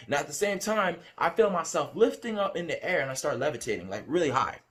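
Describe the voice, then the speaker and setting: A man's voice: lively intonation, fast, few pauses, fairly bright tone. A man telling about a dream in casual spoken storytelling, earnest and rambling, repeating himself. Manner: hums a tune with rising pitch. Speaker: vlogger recounting a dream.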